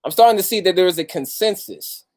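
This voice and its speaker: A man's voice: sits high, lively intonation, fast talker, a little mellow. A man hosting a casual livestream, greeting viewers by name and talking loosely with street slang and plenty of profanity. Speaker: host of a livestream talk.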